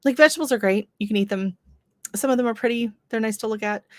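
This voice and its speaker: A woman's voice: a little high, quick pace, darkish tone, no room sound, studio quality. A Canadian woman hosting a casual gardening livestream, rambling and chatty with lots of fillers. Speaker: gardening channel host.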